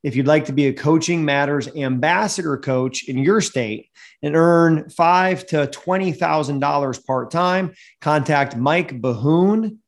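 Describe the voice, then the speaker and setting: A man hosting a coaching podcast, talking in an energetic, emphatic coaching manner and reading a sponsor message. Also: on the high side, a little slow. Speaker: host and mental performance coach.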